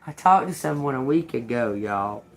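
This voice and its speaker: A woman doing a casual tarot reading to camera, swearing freely and laughing as she tells an animated story to her viewers. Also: extremely low pitch, moderate pace. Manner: addresses viewers as y'all. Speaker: tarot reader.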